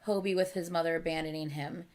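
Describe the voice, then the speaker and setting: Woman host, lowish voice, casual chatty reading and reacting at home. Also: quick pace. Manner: animated, chatty, thinking aloud with many okays. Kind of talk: casual live reading chat. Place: at home at night.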